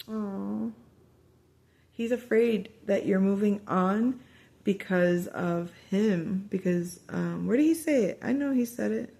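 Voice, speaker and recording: A woman talks through a tarot reading in a loose, chatty way, jumping into quoted lines with animation. Her voice sits at an ordinary middle pitch. She often restarts sentences and fills pauses as she thinks aloud. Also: vocal fry, mellow. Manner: frequent fillers and restarts. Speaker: tarot reader. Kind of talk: casual spoken tarot reading.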